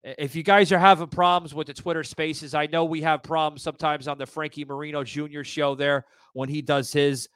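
A man's voice: on the high side, little pitch movement, fairly quick, few pauses, a bit bright, smooth, dry recording. A man hosting a political talk show, ranting heatedly, swearing a lot and stumbling over repeated restarts. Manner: swears a lot, stammering restarts, gets fired up. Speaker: podcast host. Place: live audio room broadcast.

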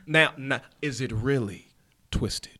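A man's voice: medium pitch, takes it slowly, pushed and bright. A male comedian chatting as a guest on a podcast, joking animatedly and laughing often. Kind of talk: casual podcast chat.

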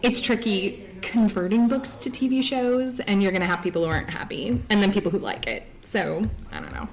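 A woman in her thirties chats on a convention stage in front of a live audience. She talks in a loose, filler-heavy way and tells stories with animated bounce. Her voice sits at an ordinary middle pitch. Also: fairly quick. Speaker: co-host. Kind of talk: casual live panel chat.

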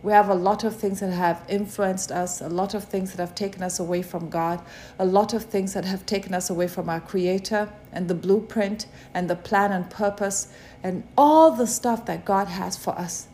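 A woman giving a devotional sermon, preaching slowly with many repeated rhetorical questions. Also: medium pitch, warm tone. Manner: slow, repetitive rhetorical preaching.

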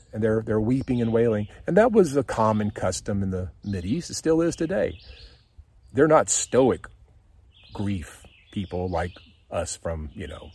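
This American podcast host gives a casual devotional talk, earnest and encouraging, reading scripture and putting it in his own words. His mid-range voice is mellow with a slight roughness.

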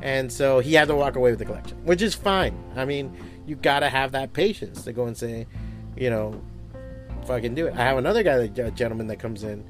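A man who owns a comic book shop, talking in a casual podcast monologue, swearing often and rambling through animated stories. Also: mid-range voice, a little fast, soft background music. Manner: profane, rambling, animated storytelling.

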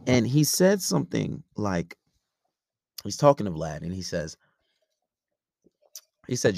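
A man's voice: on the low side, very animated, slow, gravelly, pauses often, a little mellow, no echo, studio quality. A man hosting a podcast, giving relationship advice in a blunt, profane, rambling casual monologue.

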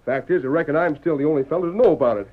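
An actor playing an eager frontier deputy with a western drawl, heard on a thin, tinny old radio broadcast. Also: male voice, a little high, rapid-fire, lightly acted. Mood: urgent. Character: young male deputy, eager and excitable.

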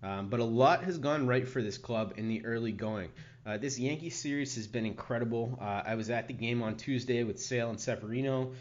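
A man's voice: medium pitch, a little fast. A man hosting a casual sports podcast, rambling with many fillers. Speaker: podcast host. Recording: dull lo-fi podcast audio.

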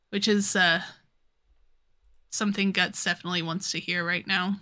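A woman's voice: lowish voice, flat delivery, normal speed, pauses often, bright, forceful tone. A young woman co-hosting a podcast, recapping a manga in a rambling, giggly way, full of fillers. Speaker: podcast co-host. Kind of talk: casual chat recapping a manga.

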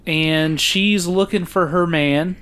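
A man's voice: on the high side, steady tone, takes it slowly, fairly bright tone, smooth. Chuckling man recapping a film. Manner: laughs often, recaps plot with fillers. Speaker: podcast co-host. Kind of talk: casual film-review chat.

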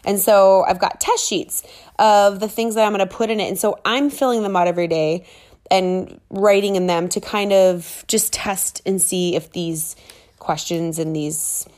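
Casual female vlogger with a gravelly voice, chatty and eager, talking from a rented flat. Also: lowish voice. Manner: chatty and excitable, lots of fillers. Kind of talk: casual travel chat. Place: rented apartment in a big city.

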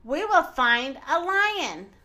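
A woman's voice: high-pitched, very animated, slow pace, sharp tone, voice pushed up, heavily acted. Woman doing a small eager boy hunter.

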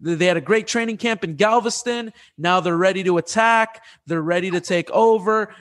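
A man hosting a casual sports podcast, his voice sitting a little higher than most men's. He tells stories excitedly and keeps stopping to restart his sentences. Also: normal speed. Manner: animated, excitable storyteller who restarts sentences. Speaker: podcast host. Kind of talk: casual sports chat and storytelling.

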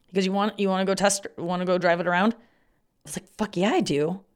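On her podcast, a young female host rambles casually through stories of her week, cursing often and bursting into loud quoted outbursts. Her voice is slightly lower than typical for a woman, smooth, fast and with little pitch movement.

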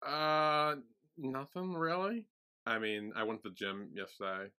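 A man's voice: mid-range voice, steady tone, unhurried, pushed and bright, smooth. A man co-hosting a podcast, giving short laid-back reactions and casual chat. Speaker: podcast co-host.

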